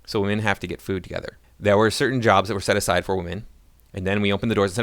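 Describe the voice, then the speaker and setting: A man's voice: lowish voice, fairly even intonation, very fast, a bit bright, dry recording. A man ranting in sarcastic, mocking political commentary.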